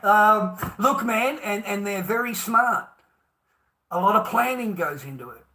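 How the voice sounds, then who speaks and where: Middle-aged Australian man, high tense voice, swearing rant, bitter scorn. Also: animated, a little slow, pushed and bright. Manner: profane, heated, scornful, laughs bitterly. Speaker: vlogger. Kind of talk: angry ranting monologue.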